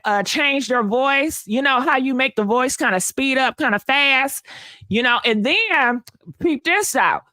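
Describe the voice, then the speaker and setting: A woman hosting a live gossip stream, sassy and animated, chatting with viewers and answering comments. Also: a little high, no echo. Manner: sassy, animated, calls viewers honey and baby, laughs often. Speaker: host of a live gossip channel. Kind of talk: casual live-stream chat reading comments.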